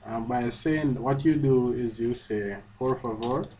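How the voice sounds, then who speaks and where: A man's voice: mid-range voice, a little slow, mellow, slight background noise, poor audio. A man giving a screen-recorded language lesson in a chatty way, correcting himself as he types. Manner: chatty, self-correcting, talks while typing. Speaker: language teacher. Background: faint keyboard typing.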